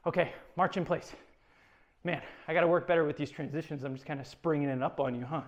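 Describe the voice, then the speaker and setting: A man's voice: on the high side, fast talker, lo-fi sound. A man talking through a home workout as a fitness instructor, chatty and encouraging, a little out of breath. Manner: chatty, encouraging, self-deprecating.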